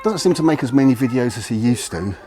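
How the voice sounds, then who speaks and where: A man's voice: medium pitch, expressive, fast talker, warm tone. A man explaining punching technique in a conversational, self-correcting way, a little out of breath. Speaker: martial arts instructor. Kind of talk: explanatory video lesson. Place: outdoors near a tree.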